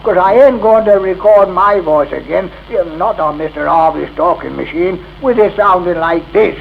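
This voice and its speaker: A creaky old rustic farmer. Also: male voice, high-pitched, moderate pace. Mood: grumbling. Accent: West Country English. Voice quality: creaky, broad rustic drawl with old-fashioned grammar. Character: cantankerous old rustic farmer, stubborn and cheeky. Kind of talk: 1960s radio drama. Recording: dull, lightly hissy 1960s off-air tape.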